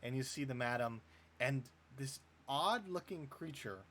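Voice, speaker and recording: A man runs a tabletop game, narrating in a loose, casual way with plenty of filler words. His pitch moves freely, and a faint hiss sits behind his voice. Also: lively intonation, unhurried, fairly bright tone. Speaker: game master.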